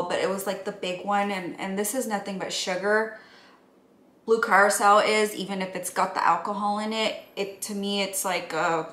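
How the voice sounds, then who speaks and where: A woman casually chatting through a home cocktail how-to, relaxed and full of ums and likes. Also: mid-range voice, roomy sound.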